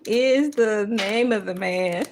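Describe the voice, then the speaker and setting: A woman hosts a casual morning livestream, chatting to her viewers in a playful, joking way. She talks slowly and unhurriedly, at a mid pitch for a woman. A faint ambient hum sits behind her voice. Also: darkish tone. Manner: slow, playful, breaks into sung bits and laughter. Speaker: livestream host.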